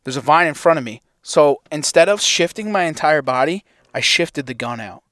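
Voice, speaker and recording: Young dude telling a hunting story, cussing a lot, smooth clear voice, kinda high, dry close sound. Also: male voice, moderate pace, no echo. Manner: animated storyteller, swears a lot, acts out his own reactions. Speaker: podcast co-host. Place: inside a parked truck.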